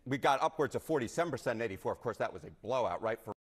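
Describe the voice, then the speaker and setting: A man's voice: mid-range voice, animated, rapid-fire, breathy edge. A man analyzing poll numbers on a news broadcast, explaining step by step and checking in with "right?". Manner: explanatory, tags points with "right?".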